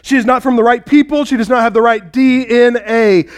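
High-voiced man preaching a sermon. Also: a little fast, clear, resonant tone. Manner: dramatic storytelling, speaks to the congregation directly. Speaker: pastor.

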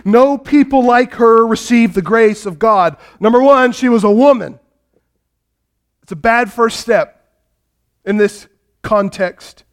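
High-voiced man preaching a sermon. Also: takes it slowly, long pauses. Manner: dramatic storytelling, speaks to the congregation directly. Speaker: pastor.

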